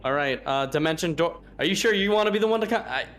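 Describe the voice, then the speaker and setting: A man with a somewhat high voice plays a tabletop game, quick and eager in his talk. A faint hiss runs behind him. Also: expressive, fairly bright tone. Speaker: player. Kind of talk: casual tabletop play.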